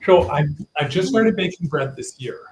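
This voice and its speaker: A man's voice: on the high side, lively intonation, normal speed. A man hosting a livestream in casual chat, rambling and playful, full of jokes. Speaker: livestream host. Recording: echoey room with loud background noise.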